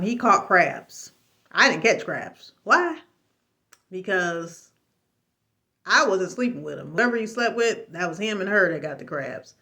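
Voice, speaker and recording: A woman's voice: lowish voice, pushed and bright. A woman telling her own story in a casual, emphatic testimony, rambling and preachy, with religious exclamations. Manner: rambling with frequent fillers and restarts. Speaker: vlogger sharing a personal story.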